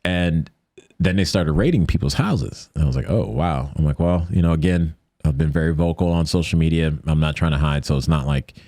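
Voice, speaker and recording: A deep-voiced man from the United States, speaking as a guest on a podcast. He tells his story in an animated way and keeps slipping into the voices of the people he is quoting. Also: a little fast, dry recording, clean studio sound. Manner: animated retelling that acts out quoted voices.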